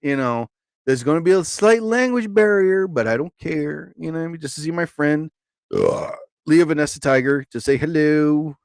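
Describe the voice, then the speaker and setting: A man's voice: a little high, normal speed, smooth, no room sound. A man hosting a casual live stream, rambling and joking as he talks to his viewers.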